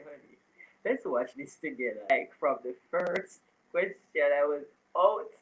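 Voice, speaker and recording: A woman's voice: deep voice, a little hiss or hum, low-quality recording. A woman hosting a casual live stream, reading viewer comments aloud, greeting people by name and laughing often. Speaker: livestream host.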